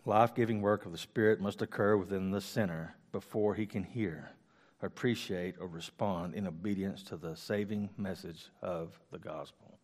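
A man teaching a Bible study, reading scripture aloud and then going back over it slowly with restarts and casual asides, recorded on a close microphone. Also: low voice, steady tone, darkish tone.

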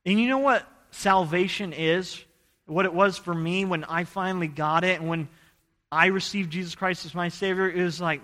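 A man from Idaho preaching a sermon, telling a personal story in an earnest voice that rises to loud, urgent bursts. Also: high voice, normal speed, long reverb tail.

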